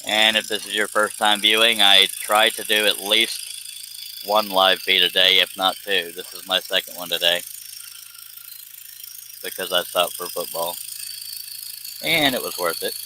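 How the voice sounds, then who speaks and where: A man's voice: sits low, a little slow, long pauses, noisy background. A man hosting a live stream, chatting casually and rambling while reading viewer comments aloud, sleepy and yawning. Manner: relaxed, rambling, reads chat comments aloud.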